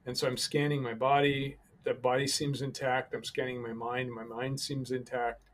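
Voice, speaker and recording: A podcast guest tells a personal story calmly but haltingly, with many pauses and restarts. He speaks at a medium pitch, and there's a little hiss or hum on the recording.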